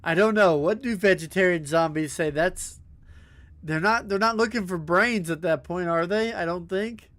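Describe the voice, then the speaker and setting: A man streaming a game, casually reading corny jokes aloud and breaking into high, tearful laughter at them. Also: normal speed, fairly bright tone. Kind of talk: casual live-stream chat.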